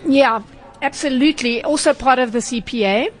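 Higher-voiced woman giving consumer advice. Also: moderate pace. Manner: explanatory, lightly hesitant, fillers. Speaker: consumer journalist. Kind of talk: radio consumer advice chat.

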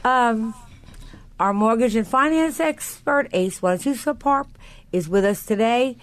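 A woman's voice: on the high side, measured pace. A woman hosting a talk radio show from a studio, chatting in an upbeat, rambling way. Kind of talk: casual talk radio chat.

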